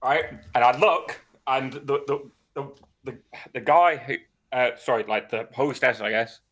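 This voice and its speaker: A man's voice: medium pitch, unhurried, fairly bright tone. A man co-hosting a podcast, telling a story in casual chat, swearing and laughing often. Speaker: podcast co-host.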